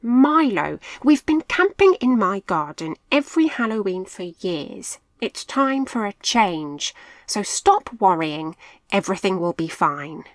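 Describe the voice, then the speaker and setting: A woman's voice: mid-range voice, very animated, slow pace, a bit bright, no room sound, rough recording. A woman voicing a bossy young boy mouse who leads his friends with firm commands in a storybook. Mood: commanding.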